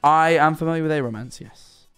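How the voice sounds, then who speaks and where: A man's voice: on the high side, brisk, fairly bright tone, clear, resonant tone, faint music behind. Stammering young man on a call-in stream. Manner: rambling, stammers and repeats words, swears casually. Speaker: streamer answering viewer calls. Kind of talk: casual live-stream chat.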